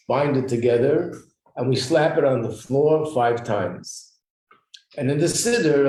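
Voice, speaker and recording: A man's voice: mid-range voice, mellow. Man teaching a religious class in an echoey room. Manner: explanatory, asks the class questions, clears throat often. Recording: roomy echo, faint noise.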